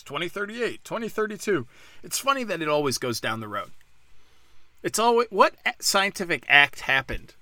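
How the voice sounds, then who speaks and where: A man's voice: medium pitch, pushed and bright, no echo. A man hosting a casual news rant, sarcastic and profane, rambling from story to story.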